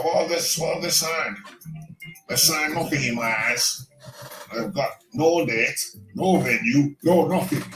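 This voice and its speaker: A man doing an impression of a blunt older northern English boxing father who rants in indignant questions. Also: mid-range voice. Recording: roomy echo, faint music.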